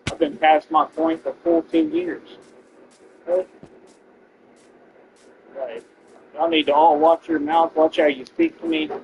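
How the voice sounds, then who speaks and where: A man's voice: on the high side, slight background noise. A man ranting at viewers during a game stream, boastful and confrontational. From Texas. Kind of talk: ranting to viewers while gaming. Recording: dull lo-fi stream audio.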